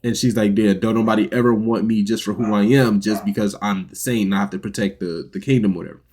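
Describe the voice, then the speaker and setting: A man's voice: fairly low pitch, steady tone, fast, a little mellow. Casual man rambling through an anime plot. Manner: loose, rambling storytelling with quoted lines. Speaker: podcast co-host. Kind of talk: casual anime recap chat.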